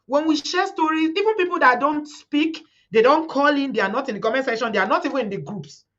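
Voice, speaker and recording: A woman's voice: sits high, fast talker, fairly bright tone, lo-fi sound. A middle-aged Nigerian woman hosting a live stream, talking fervently to her viewers, repeating words and quoting the people she speaks about. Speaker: host of a live community stream.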